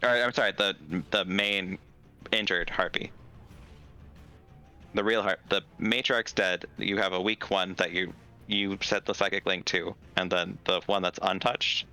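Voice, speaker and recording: A man's voice: low-pitched, fairly even intonation, a little slow, bright, forceful tone, clean tone, soft background music. A man running a tabletop game as dungeon master, patiently explaining rules step by step.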